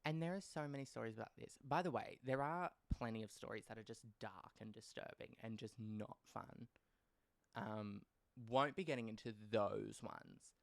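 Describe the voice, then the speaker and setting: A man's voice: lowish voice, moderate pace, gravelly, no echo. A young man, hosting a casual storytelling podcast in a blunt, profane and rambling way. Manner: blunt and profane, swears freely; wry and rambling, trails off into asides. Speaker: podcast host.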